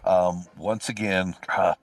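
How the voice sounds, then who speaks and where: A man's voice: low voice, steady tone, slow, no echo. A man co-hosting a podcast, chatting casually and enthusiastically. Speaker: podcast co-host. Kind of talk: casual chat. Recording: dry, a bit far from the mic.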